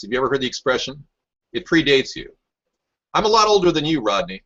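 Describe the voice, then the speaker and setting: A man's voice: on the high side, sing-song, brisk, fairly bright tone, lo-fi sound. A man hosting a rambling political talk show, answering live chat in a combative, mocking and sarcastic way.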